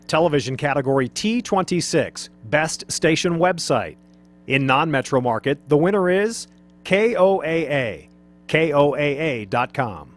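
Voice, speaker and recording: A man reads out award categories and winning stations at a quick clip. His voice sits a touch high and stays businesslike throughout. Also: lively intonation. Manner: brisk, announcing. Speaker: awards presenter. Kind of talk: reading award winners.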